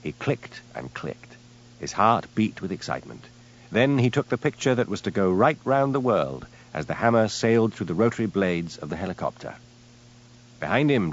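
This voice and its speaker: A man narrating an audiobook in a lively, dramatic storytelling manner, on a dull lo-fi recording. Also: on the low side. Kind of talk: scripted narration.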